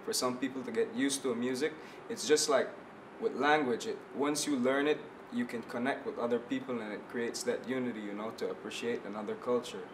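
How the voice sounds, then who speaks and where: A man's voice: medium pitch, steady tone, fairly quick, hardly any pauses, noisy background. A young man from Belize, a musician guest on a radio talk show, chatting easily and often restarting as he searches for words. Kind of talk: casual radio interview.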